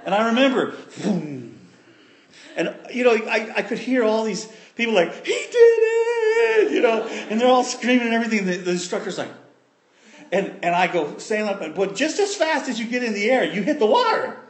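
A man preaching a sermon, telling a childhood story with animated voices and sound effects. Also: high voice, fairly quick. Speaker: pastor.

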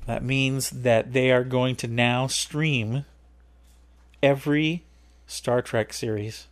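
A man's voice: mid-range voice, fairly even intonation, slow pace, dry recording. Male podcast co-host, casual and rambling, teasing tone, dry close mic. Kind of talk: casual chat.

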